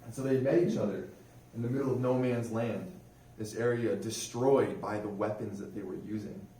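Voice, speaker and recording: A man's voice: fairly low pitch, steady tone, normal speed, warm tone. Chatty young airman talking in a roomy hall. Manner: chatty, asks the audience questions. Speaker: religious affairs airman giving a talk. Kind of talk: informal history talk to a museum audience. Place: museum room. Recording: roomy hall, distant mic, faint noise.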